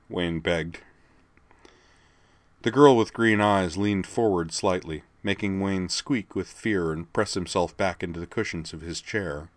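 A man with a low, deep voice reads a story aloud at a measured, even pace. His delivery is steady, and the recording is dry and close with no room sound. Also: dry recording. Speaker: narrator. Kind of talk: audiobook narration.

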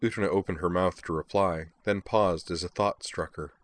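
Guy w a really deep voice reading a story, calm and even. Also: normal speed, hardly any pauses. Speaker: narrator. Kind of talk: audiobook narration of fan fiction.

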